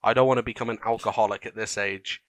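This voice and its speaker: A man's voice: fairly low pitch, fairly even intonation, fast, fairly bright tone, no echo. An eighteen-year-old man co-hosting a podcast in casual chat, swearing often and laughing at himself. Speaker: podcast co-host.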